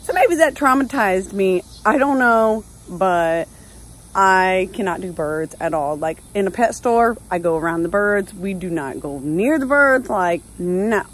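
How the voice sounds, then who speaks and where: A woman, telling a story in a chatty, animated vlog while walking outdoors. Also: mid-range voice, measured pace. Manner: chatty, animated, exclaiming, says "like" often. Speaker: mom vlogger.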